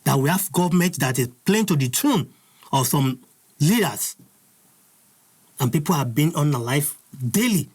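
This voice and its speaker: A man's voice: a little high, lively intonation, normal speed, pauses often, darkish tone, slightly rough. A Nigerian man hosting an impassioned commentary, furious and preaching, repeating his points. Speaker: host.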